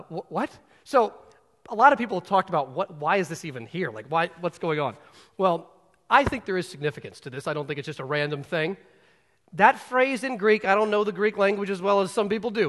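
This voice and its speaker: Man, pastor, sermon, high voice, animated storytelling, church sanctuary, long echo. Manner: animated, storytelling, speeds up and drops low for emphasis. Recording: long hall reverb.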